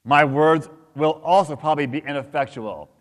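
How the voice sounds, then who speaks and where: A man's voice: a little high, normal speed, close to an everyday voice. A man reading the lines of a stern angel of judgment who scolds in solemn, archaic speech. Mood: rebuking. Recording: long hall reverb.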